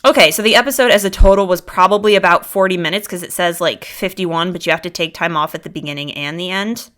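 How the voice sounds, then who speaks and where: Bright-voiced gushing young woman. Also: fairly low pitch, quick pace. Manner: gushing and animated, rambling with frequent restarts. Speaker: podcast host reacting to a show. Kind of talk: casual solo reaction commentary.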